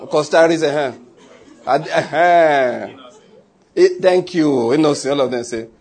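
Nigerian male pastor, husky and slightly high, chatty joking sermon delivery. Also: moderate pace, pauses often, darkish tone. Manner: joking, conversational preaching with pidgin asides.

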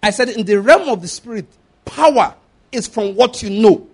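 A high-pitched man delivers a sermon. He presses his points hard and repeats them, and he often stops to ask whether the congregation is following him. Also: expressive, normal speed. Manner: emphatic, repeats points and checks the audience follows. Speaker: preacher.

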